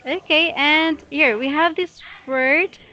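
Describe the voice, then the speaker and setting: A woman tutoring English one-on-one, patiently and slowly correcting a student's pronunciation. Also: sits high, fairly even intonation, sharp tone. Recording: dull lo-fi audio.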